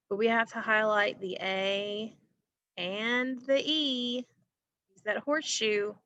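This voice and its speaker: A teacher leads a recorded phonics lesson in a bright, lively voice. She slows right down to sound out each vowel for her students. The dry, slightly muffled audio points to a computer microphone. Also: mid-range voice, dry recording. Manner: slow, drawn-out modeling of vowel sounds, addressing students directly.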